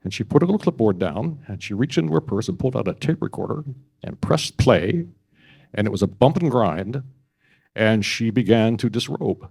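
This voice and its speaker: An older man and broadcast journalist telling stories at a press club event, halting often and restarting his sentences. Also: mid-range voice. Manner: halting, with many restarts and fillers.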